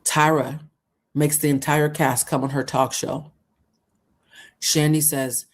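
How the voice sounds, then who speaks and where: Commentary vlogger, heated, indignant storytelling, acted-out quotes, mid-pitched voice. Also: flat delivery, normal speed.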